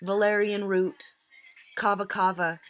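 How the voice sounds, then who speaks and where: With a mid-range, slightly bright voice and a flat delivery, a tarot reader speaks a little slowly over soft background music. She's earnest and emotional, almost in tears, repeating phrases for emphasis.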